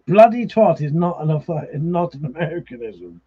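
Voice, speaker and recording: Here the drunk livestream host sounds a little high and husky, with a sing-song lilt and an unhurried, measured delivery. He chats loosely, reads viewer comments, swears without restraint and laughs frequently, all through slightly muffled audio.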